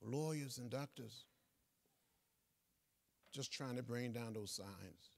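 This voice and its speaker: Speaking slowly in a mid-range voice with vocal fry, a guest speaker in his seventies addresses students in a big lecture hall. His delivery has a preacherly cadence full of repeated phrases, and the room reverberates.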